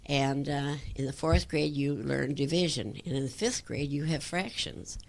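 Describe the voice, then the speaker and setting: A woman's voice: a bass voice, normal speed, creaky. An older woman telling stories from her childhood in an oral history interview, rambling with fillers and restarts.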